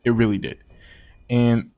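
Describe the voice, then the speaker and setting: A man's voice: mid-range voice, level tone, measured pace, warm tone. A man telling a personal story in a casual storytime monologue, slangy and profane, rambling and repeating words.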